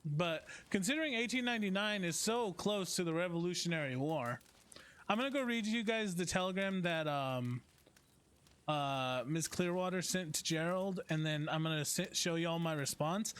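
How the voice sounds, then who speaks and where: A man's voice: high-pitched, normal speed, fairly bright tone, smooth. A man streaming a role-play game, chatting casually and teasing with frequent laughs. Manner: joking, teasing, laughs often.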